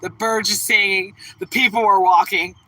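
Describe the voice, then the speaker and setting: A woman's voice: mid-range voice, fairly even intonation, normal speed, bright, forceful tone, dry recording, distant mic, low-quality recording. A woman voicing her grumpy, full-grown male dog, grumbling complaints about everyone around him.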